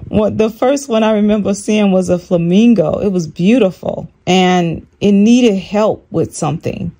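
An older woman recounting a dream in casual storytelling, animated and acting out quoted lines in a higher voice. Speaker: channel host.

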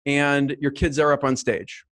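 A man's voice: mid-range voice, flat delivery, a little slow, fairly bright tone. A man hosting an interview podcast, talking eagerly and chattily with his guest. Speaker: podcast host.

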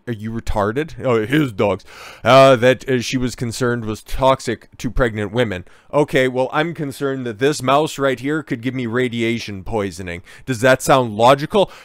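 In a dry, studio-quality recording, a man with a mid-range voice reads an article aloud for reaction commentary. He keeps interrupting himself with sarcastic, profane asides.

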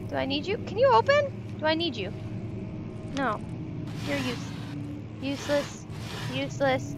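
Young woman gamer, high voice, jumpy and swearing at the game, noisy recording. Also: lively intonation, normal speed, long pauses. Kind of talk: casual gameplay commentary.

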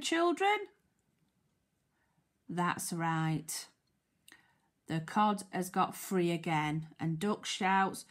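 A woman's voice: medium pitch, lively intonation. A woman teacher with a British accent, reading a picture book to young children and sounding out letters. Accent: British English. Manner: slow, sing-song, sounds out letters, asks children questions. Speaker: primary school teacher.

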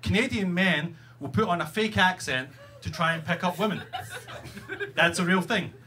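A man's voice: high voice, moderate pace, bright, forceful tone. A Scottish man doing a stand-up comedy set, wry, self-mocking, brash and profane. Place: comedy club stage, live audience. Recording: live club recording with audience noise.

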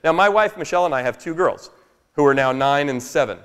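A man telling a family story to a live workshop audience in an animated, chatty way, often asking "right?". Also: on the high side, fairly quick, clear, resonant tone. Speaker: speaker at a workshop. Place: large room with a live audience. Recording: long echo of a large hall.

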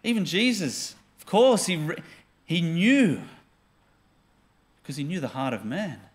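A man's voice: fairly high pitch, big pitch swings, a little slow. A male pastor, preaching earnestly and putting questions to his congregation. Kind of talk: sermon.

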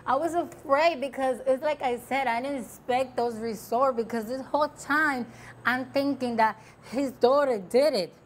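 A distressed woman with a high voice talks right after a talk show taping. She speaks emphatically and circles back to the same points again and again. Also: moderate pace, slight background noise. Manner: upset, emphatic, repeating herself.

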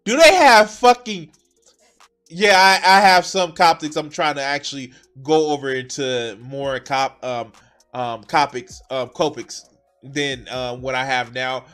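A man's voice: mid-range voice, unhurried, fairly bright tone, clear, resonant tone, faint music behind. A male streamer giving live reaction commentary, ranting heatedly and swearing constantly.

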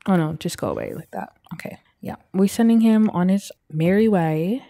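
A young woman casually narrating her life-simulation game, chatting and putting quick voices on the characters. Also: lowish voice, mellow. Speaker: let's play gamer. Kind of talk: casual gameplay commentary.

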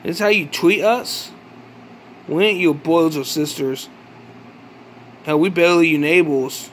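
In this ranting vlog monologue, a man with a strikingly high voice keeps a measured pace while hurling profane, accusing questions. He trips and restarts now and then, and a faint hum runs underneath.

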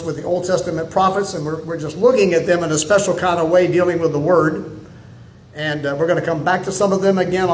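High-voiced folksy preacher in an echoey church. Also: male voice, slight background noise. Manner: folksy storytelling, rising to emphatic preaching. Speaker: pastor. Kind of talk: sermon. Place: church sanctuary.

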